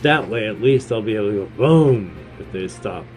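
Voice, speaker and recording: A gamer in his fifties, his voice lowish and somewhat dark, talks in an animated way at a moderate pace while faint music plays. He rambles sarcastically and runs himself down, stopping now and then to read game text aloud.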